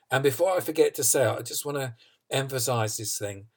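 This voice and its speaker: A man's voice: medium pitch, fairly quick, a little mellow. A man preaching a sermon, earnest and emphatic, reading scripture and asking questions he answers himself. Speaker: pastor.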